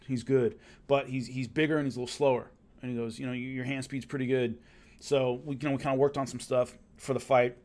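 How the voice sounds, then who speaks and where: A man casually recounting his fighting days, lively and acting out what others said, with hiccups. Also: mid-range voice. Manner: animated, acts out quotes of others. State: has hiccups. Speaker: former show fighter telling stories. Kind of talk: casual storytelling.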